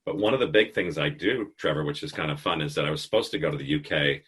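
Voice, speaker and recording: Very deep husky-voiced man in his fifties. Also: fast talker. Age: 50s. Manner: animated, swearing storyteller. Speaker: podcast host. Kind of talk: casual interview chat.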